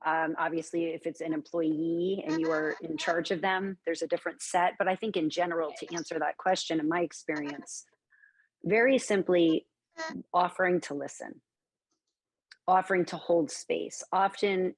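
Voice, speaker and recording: A middle-aged woman speaking as a talk show guest, answering in a measured, gentle and thoughtful way. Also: on the low side, dry recording, low-quality recording. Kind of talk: calm interview answers.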